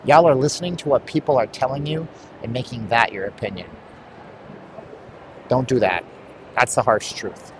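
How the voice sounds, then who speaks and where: A man's voice: medium pitch, normal speed, long pauses. Blunt rambling man streaming outdoors. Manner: blunt, rambling, talks to chat. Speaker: live-stream host. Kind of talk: casual live-stream chat. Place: outdoors on a hot city street. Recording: street traffic noise.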